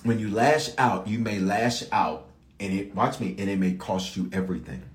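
Animated preaching man in a roomy church. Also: on the low side, moderate pace. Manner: conversational storytelling with rising shouts of emphasis. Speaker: pastor. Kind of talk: sermon.

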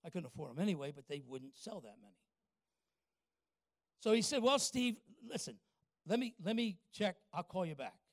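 An older man, a pastor telling a folksy story in a sermon and asking the congregation quick questions. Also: high-pitched, sing-song, dry recording, studio quality.

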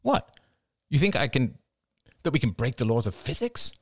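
Man reading a blunt tense father, matter-of-fact, lively inflection, dry close sound, audiobook. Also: medium pitch, normal speed, husky, dry recording, pitched above the performer's own voice. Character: tense pragmatic father on the run.

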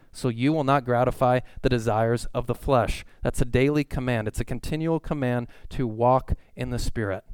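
Smooth, earnest male preacher, dry sound. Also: medium pitch, a little mellow, no room sound. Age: young adult. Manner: earnest, emphatic preaching with repeated phrases. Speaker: pastor. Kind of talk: sermon.

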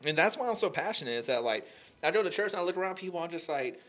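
Animated young man, emotional storytelling. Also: high voice, racing. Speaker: podcast guest. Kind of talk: candid faith conversation.

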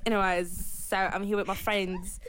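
A woman's voice: mid-range voice, normal speed, a little hiss or hum. A young woman hosting a casual podcast chat with friends, telling stories animatedly with a lot of laughter. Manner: animated storyteller, laughs often. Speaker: podcast host.

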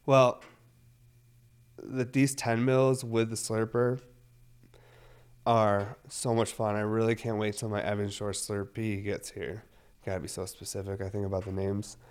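A man's voice: on the low side, flat delivery, measured pace, long pauses, smooth. A man in his thirties talking casually to his viewers, rambling with lots of fillers and frequent swearing. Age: 30s. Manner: loose, rambling, heavy on fillers, swears often. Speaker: cannabis vlogger.

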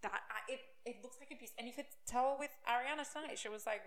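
A woman's voice: fairly high pitch, fast. A woman co-hosting a casual podcast, chatting with self-mocking asides. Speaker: podcast co-host. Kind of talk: casual chat.

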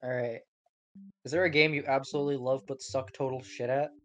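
A young woman with an extremely low, steady voice speaks fairly quickly as co-host of a casual gaming podcast. She lays out her views earnestly and analytically, swearing casually along the way.

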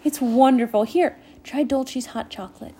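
Bubbly young fairy girl, high and mellow, gushing, as a woman reads her. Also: normal speed, slight background noise. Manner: gushing, excitable. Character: eager young female water fairy.

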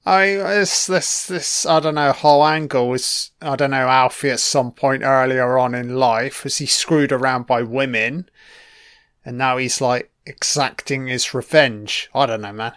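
Man, casual movie commentator, resonant voice, mid pitch, cheeky and profane. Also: fairly even intonation, a little slow, fairly bright tone, clear, resonant tone, dry recording, studio quality. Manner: swears freely, rambling asides, chuckles. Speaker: film commentator.

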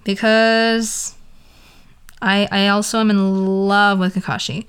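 A woman's voice: mid-range voice, moderate pace, clean tone. Exasperated young woman ranting casually. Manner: exasperated, swearing, animated rant with sarcastic asides. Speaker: podcast host.

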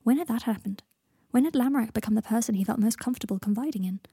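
A woman reading a story aloud as narrator, steady and measured. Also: on the high side, breathy edge. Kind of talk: audiobook reading of fan fiction.

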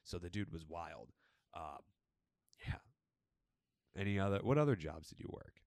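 A young man co-hosting a podcast, chatting casually and telling animated, swear-filled stories about old jobs. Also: deep voice, moderate pace, dry recording. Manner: animated storytelling, swears freely. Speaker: podcast co-host. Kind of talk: casual chat.

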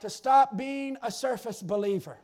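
A man preaching a sermon with fervor, swinging between loud exclamations and quiet, chatty asides to the congregation. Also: extremely high pitch, moderate pace.

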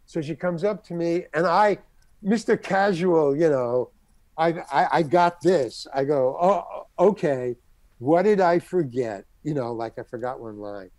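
A man's voice: a little high, a little slow, no echo. An older man, a character actor, telling a story from his career in a casual interview and acting out what others said. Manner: animated anecdote-telling, acting out quoted voices.

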